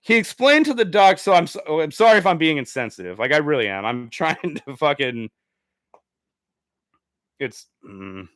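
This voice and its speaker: A man's voice: fairly high pitch, normal speed, no echo, clean studio sound. A man hosting a comedy news show, reading stories aloud and breaking off into crude, swearing asides and giggles. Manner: crude, swearing, giggling asides, animated swings from mutters to exclamations.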